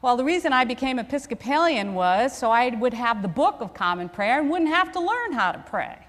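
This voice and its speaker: A woman's voice: a little high, sing-song, a little fast, fairly bright tone. A woman priest preaching a sermon, conversational and self-deprecating as she tells a story. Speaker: Episcopal priest. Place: church. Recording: long church reverb.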